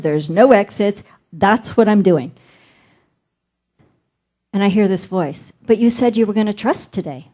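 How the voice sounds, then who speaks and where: A woman's voice: medium pitch, darkish tone. A middle-aged woman minister delivering a sermon, telling a personal story and acting out her inner dialogue.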